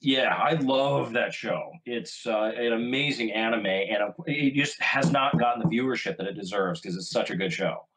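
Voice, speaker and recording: American man telling a relaxed anecdote. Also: mid-range voice, moderate pace, hardly any pauses, rough recording. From California. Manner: relaxed anecdotal telling, many ums and uhs. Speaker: guest voice actor. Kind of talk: casual storytelling on a podcast.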